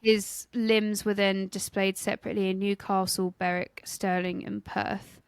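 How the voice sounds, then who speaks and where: A young Englishwoman co-hosts a casual history podcast. She tells facts in a chatty way, mixed with jokes, at a mid pitch. Her voice sounds dry and close to the mic. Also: little pitch movement, unhurried, clean tone, no echo. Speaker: podcast co-host.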